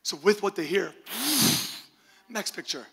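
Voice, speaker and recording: A man preaching a sermon, telling lively stories with laughs and quoted asides. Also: high-pitched, slow, gravelly, breathy edge, long reverb tail. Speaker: pastor. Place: church sanctuary.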